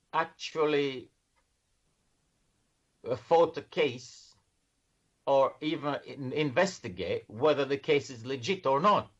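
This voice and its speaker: A man working in financial services, a podcast guest, explaining things earnestly and often restarting his sentences. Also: fairly high pitch. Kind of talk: casual interview chat. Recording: dull lo-fi sound.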